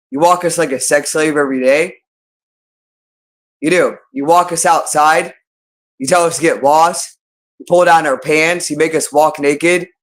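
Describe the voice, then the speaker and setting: A man's voice: on the high side, fairly bright tone. Man repeating phrases over and over. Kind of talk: unscripted livestream monologue.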